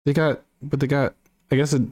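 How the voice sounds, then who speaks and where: A man's voice: medium pitch, level tone, fairly quick, a little mellow, husky, no echo. A man hosting a casual chat, thinking aloud and correcting himself as he goes.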